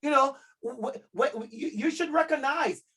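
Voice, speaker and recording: A man's voice: very high voice, measured pace, sharp tone. Emphatic Jamaican man giving a talk. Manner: emphatic, repeats key words, calls out audience names. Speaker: keynote speaker at a parent conference. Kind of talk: lively workshop presentation.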